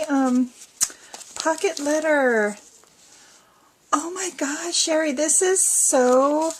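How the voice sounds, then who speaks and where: A woman's voice: sits high, slight background noise. A woman chatting casually as she unboxes a craft swap, gushing with frequent exclamations. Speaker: crafting vlogger.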